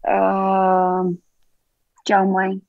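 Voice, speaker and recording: A woman pastor with a Southern US accent talks warmly and unhurriedly as an interview guest. Her voice has a gravelly, creaky edge. The sound is dry and a bit muffled. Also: medium pitch, monotone, no echo. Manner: affectionate, unhurried with fillers. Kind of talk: casual interview chat.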